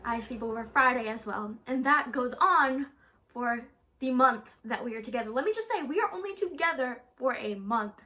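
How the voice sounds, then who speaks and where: Chatty young woman vlogger, high voice. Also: lively intonation, normal speed, sharp tone. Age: young adult. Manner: chatty, profane, rambling with frequent "like". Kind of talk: casual storytime vlog. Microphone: phone camera.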